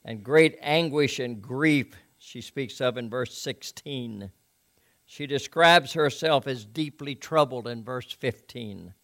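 A man preaching, with a steady mid-range voice and a gravelly texture. He reads scripture and then chats with his listeners in a folksy way. His delivery rises for emphasis and drops into quiet asides. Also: mid-range voice, slow. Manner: conversational with asides to the congregation. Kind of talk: sermon.

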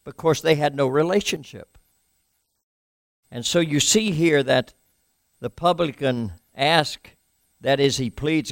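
A male pastor giving a sermon in a conversational way, asking his listeners questions and letting his voice drop low and soft at times. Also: slow pace, creaky, long pauses, dry recording, studio quality.

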